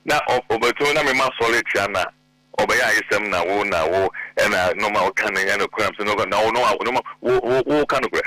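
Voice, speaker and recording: Middle-aged Ghanaian man, political guest, insistent and emphatic, forceful tone. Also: lowish voice, a little fast, low-quality recording. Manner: emphatic, mixes Twi and English. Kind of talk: animated political talk show.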